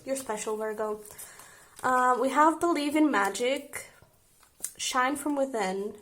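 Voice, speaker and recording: A young woman with a fairly high voice gives a casual tarot reading straight to her viewers. She talks in a chatty, emotional way and keeps checking in with them. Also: slow pace, a bit bright. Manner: chatty and emotional, frequent "I feel like" and "okay?". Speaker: tarot reader.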